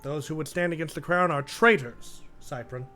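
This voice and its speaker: A man's voice: on the high side, moderate pace, pushed and bright, soft background music, pitched above the performer's own voice. A man voicing a stern, commanding young king who speaks formally and coldly threatens traitors. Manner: cold, threatening, formal speech.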